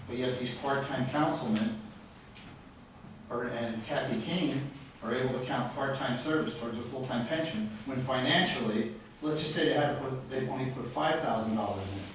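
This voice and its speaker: A resident speaks during public comment at a city council meeting, his medium-pitched voice moving at a normal speed over slight background noise. Frustrated and blunt, he rambles and grows loud and accusatory. The recording comes from far off in a very echoey council chamber.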